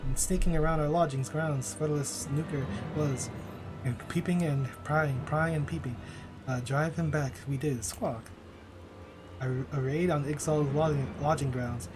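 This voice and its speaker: A man's voice: fairly high pitch, steady tone, normal speed, lightly acted. A man voicing an agitated, proud bird-like beastman who squawks and twists his word order, with game music behind.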